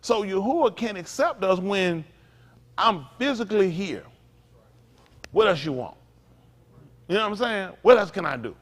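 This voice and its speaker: A man's voice: high-pitched, animated, normal speed, long pauses. A man preaching a conversational sermon to his congregation, with frequent asides to the room. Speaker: pastor. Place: synagogue sanctuary. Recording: long hall reverb.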